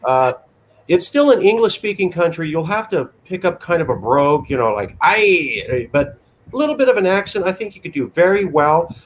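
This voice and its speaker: A male host leads a casual interview. He jokes around and gives his opinions freely in a fairly high voice. Faint background noise runs under him. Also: sing-song, a little fast. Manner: chatty, joking, opinionated.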